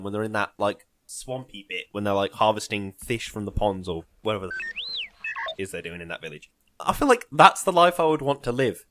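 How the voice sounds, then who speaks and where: A man's voice: mid-range voice, fairly bright tone, no room sound, studio quality. A man as a podcast guest, rambling and wryly interrupting himself in casual chat. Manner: rambling, self-interrupting, wry.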